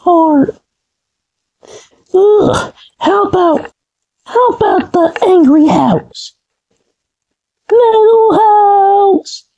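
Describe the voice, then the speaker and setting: A woman's voice: very high-pitched, extremely slow, pauses often, warm tone, dull audio, exaggerated voice. A woman voicing a chirpy, upbeat young cartoon character who talks in an eager, naive, rambling way. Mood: cheerful. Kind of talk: fan cartoon voice acting.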